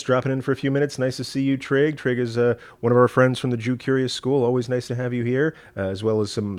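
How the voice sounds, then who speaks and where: A rabbi from East Texas with a Southern accent, hosting a live-streamed teaching talk in a folksy, rambling way with many fillers. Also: male voice, mid-range voice, darkish tone, no echo. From East Texas, USA. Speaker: rabbi and show host.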